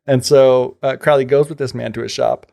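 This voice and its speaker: A man's voice: mid-range voice, steady tone, normal speed, gravelly, darkish tone. A man co-hosting a podcast, casually retelling a folk tale in a loose, chatty way, full of fillers and paraphrased dialogue. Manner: loose storytelling peppered with fillers and paraphrased quotes. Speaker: podcast co-host.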